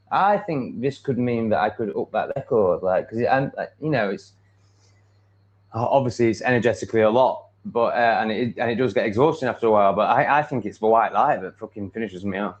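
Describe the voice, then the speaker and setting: A man's voice: fairly low pitch, brisk. A man with an English accent, chatting off the cuff on a live stream, swearing freely, restarting his sentences and laughing at comments. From England. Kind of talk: rambling live-stream chat, reacting to comments.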